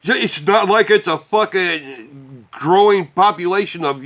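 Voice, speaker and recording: A man's voice: high-pitched, lively intonation, slow pace, few pauses, a bit bright. A man from the Midwest, delivering a profane, heated rant to the camera with bitter laughs. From Midwest United States. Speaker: vlogger. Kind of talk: angry ranting monologue.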